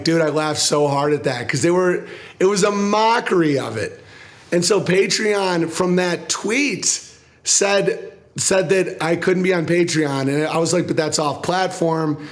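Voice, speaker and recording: A comedian talking casually in an interview, rambling, swearing, and acting out other people's voices. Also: male voice. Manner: profane, rambling, acts out quoted people in lower voices. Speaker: comedian guest.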